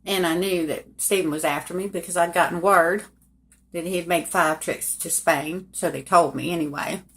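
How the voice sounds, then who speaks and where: Woman, lowish voice, folksy storyteller addressing the audience as "folks" in casual chat. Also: steady tone, normal speed. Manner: folksy, colloquial, talks straight to listeners. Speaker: storyteller recounting her own life.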